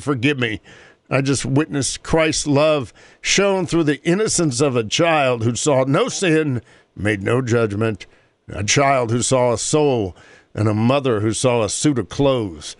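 A man's voice: on the high side, a bit bright, dry recording. A man hosting a talk show, reading a moving story aloud and then chatting earnestly about helping caregivers. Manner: earnest, conversational.

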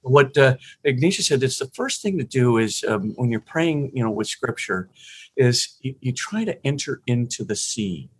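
Husky man teaching with animated retelling. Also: medium pitch, moderate pace. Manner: animated retelling, acts out the people in gospel scenes. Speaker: priest and podcast guest. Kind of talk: conversational spiritual teaching.

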